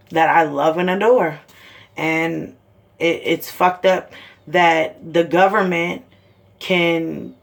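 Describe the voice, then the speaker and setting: A mother of seven ranting to the camera in a heated, blunt way, swearing constantly. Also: fairly low pitch. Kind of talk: angry personal video rant.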